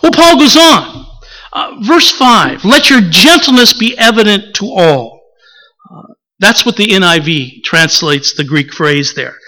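A man from the preaching a relaxed, conversational sermon, often pausing with filler words and acting out little stories. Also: sits high, rough recording. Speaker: pastor.

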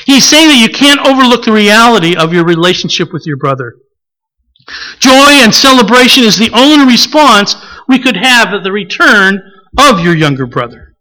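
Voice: medium pitch, animated, measured pace, bright, forceful tone, rough recording. A preacher giving a sermon, acting out quotes from scripture and putting questions to the listeners.

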